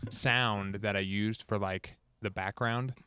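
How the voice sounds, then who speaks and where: A man's voice: on the low side, steady tone, slow, sharp tone, smooth, dry recording. A man in a casual chat explaining how he built a sound, step by step, trailing off. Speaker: guest music producer.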